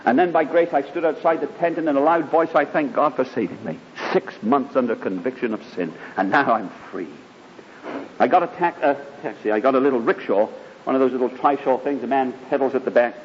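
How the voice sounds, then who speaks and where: A man's voice: animated, fairly quick. A man preaching a sermon, telling his own conversion story in a fervent, emphatic way. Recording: dull lo-fi hall recording with faint rumble.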